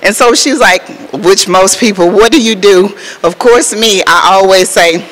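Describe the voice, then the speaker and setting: A woman emceeing an event, chatting to a live audience in an animated way and laughing often. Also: medium pitch, measured pace, poor audio. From Houston, Texas. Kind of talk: casual speech to a live audience.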